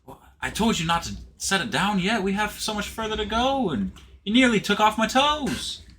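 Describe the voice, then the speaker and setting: Man putting on a cranky male sea elf, nagging, exasperated, high-pitched, bright. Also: very animated, normal speed, slight background noise, heavily acted. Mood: scolding. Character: irritable male sea elf scolding his coworker.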